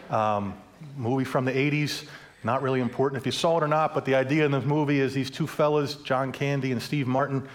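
A man preaching a sermon in a church, telling a story in a relaxed, conversational way with fillers and repeated words. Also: mid-range voice. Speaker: pastor.

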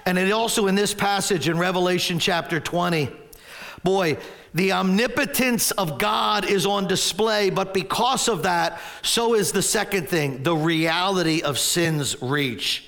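High, gravelly-voiced male pastor preaching. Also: a little slow. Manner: storytelling, animated with loud exclamations. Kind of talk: sermon.

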